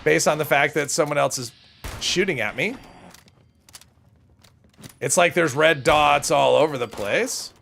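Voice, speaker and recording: A man's voice: on the high side, a little slow, creaky, long pauses, a bit bright, slight background noise. A man streaming a video game, rambling and thinking aloud in casual commentary, with a stuffy nose. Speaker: gaming streamer.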